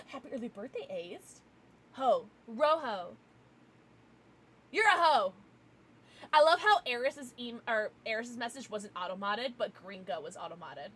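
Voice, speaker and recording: A woman streamer chats casually with her viewers in a playful, giggly way. Her voice is bright and sits fairly high. Her delivery swoops up and down with lots of life. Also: expressive, normal speed, breathy edge. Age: adult, parent. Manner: giggly, playful, teasing outbursts. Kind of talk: casual livestream chat, reading chat.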